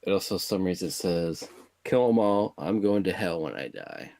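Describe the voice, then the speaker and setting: Podcast co-host, man, very low voice, dry close mic, laid-back plot recap. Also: expressive, moderate pace, creaky, warm tone, dry recording. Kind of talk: casual movie plot recap.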